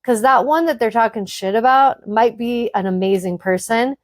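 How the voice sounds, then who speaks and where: A woman's voice: fairly high pitch, normal speed, dry recording, clean studio sound. A woman hosting a spiritual podcast, speaking frankly to her listeners in an emphatic, blunt monologue that swears freely.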